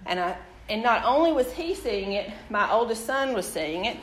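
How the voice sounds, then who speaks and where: A woman's voice: a little high, moderate pace. Storytelling woman preaching in an echoey room. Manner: storytelling, animated, addresses the audience directly. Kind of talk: sermon with personal testimony. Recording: echoey room with faint background noise.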